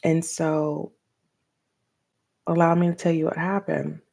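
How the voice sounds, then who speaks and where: An older woman, a tarot reader, chatting casually and rambling, with soft asides. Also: low voice, little pitch movement, takes it slowly, creaky. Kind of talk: casual tarot reading talk.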